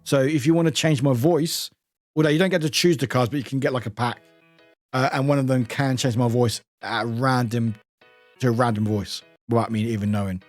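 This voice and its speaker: A man with a British accent, chatting casually as a streamer while playing a game, excitable, laughing often, swearing and breaking into high shouts. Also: brisk, faint music behind.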